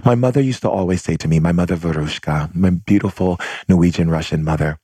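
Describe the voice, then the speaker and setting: Low raspy guy giving a heartfelt spiritual pep talk, repeats himself a lot. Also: fast, dark tone, no room sound. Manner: repetitive, impassioned, calls listeners his family. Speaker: spiritual teacher.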